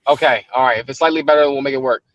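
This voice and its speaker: A man joining a live talk stream by phone, talking in a hurried, apologetic way. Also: medium pitch, a bit bright, dry recording. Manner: hurried, apologetic about his audio. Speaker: guest speaker.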